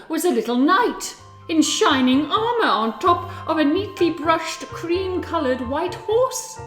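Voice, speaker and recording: Brief: woman storyteller, slow, deliberate and expressive, reverberant room, soft music bed. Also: high-pitched. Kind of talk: storybook read-aloud. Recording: echoey room with music behind.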